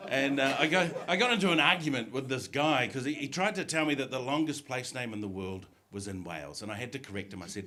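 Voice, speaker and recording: A man's voice: medium pitch, quick pace, few pauses. A man doing a stand-up set, telling stories and mimicking to build to punchlines. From New Zealand. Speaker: stand-up comedian. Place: comedy club stage. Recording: live club with loud crowd. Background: audience laughter.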